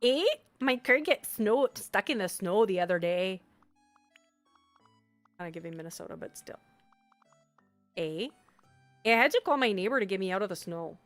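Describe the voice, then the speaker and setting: A woman's voice: mid-range voice, animated, moderate pace, long pauses, dry recording, soft background music. Chatty Canadian woman live-streaming. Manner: chatty, reads chat aloud and reacts with sudden bright exclamations. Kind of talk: casual live-stream chat.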